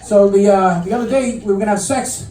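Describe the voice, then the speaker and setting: High-voiced New comic in a club. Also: male voice, fast talker. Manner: deadpan storytelling with many fillers and restarts. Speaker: stand-up comedian. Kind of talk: stand-up comedy set. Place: comedy club stage with live audience. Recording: echoey club mic heard from a distance. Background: audience laughter and room noise.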